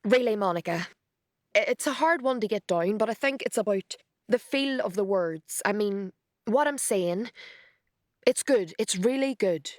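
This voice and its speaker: Woman doing a nervous people-pleasing young man in an audiobook, hesitant and stammering, mid-pitched voice, dry close sound. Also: animated, a little slow, dry recording, natural voice. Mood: earnest.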